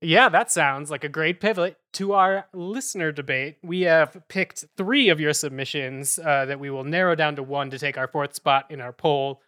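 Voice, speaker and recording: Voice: medium pitch, normal speed, hardly any pauses, a bit bright, no room sound, clean studio sound. A podcast host steering a casual debate chat, upbeat.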